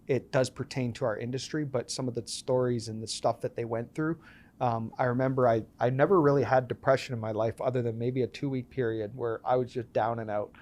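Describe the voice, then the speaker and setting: A man in his thirties, a business owner guesting on a podcast, tells stories casually and with animation, acting out the quoted dialogue. His voice is mid-range and a little fast.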